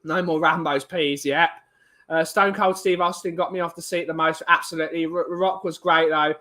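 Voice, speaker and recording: Guy, young, high bright voice, loose opinionated chat to his viewers. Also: steady tone, moderate pace. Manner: rambling, opinionated, many restarts. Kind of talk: casual chat.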